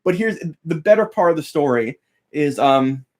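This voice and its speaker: A young adult man with a slightly high voice tells a story to his viewers in a casual, eager way. He laughs often and acts out what others said. He sounds thrilled. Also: normal speed. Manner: animated, laughing, quoting others with voice changes. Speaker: guitar teacher and YouTuber.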